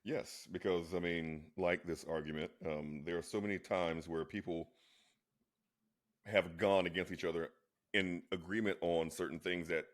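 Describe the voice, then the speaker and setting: A man with a very low voice talks in a casual chat. He argues his point insistently and often restarts or repeats his words. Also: normal speed. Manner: insistent, animated when arguing. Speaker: co-host.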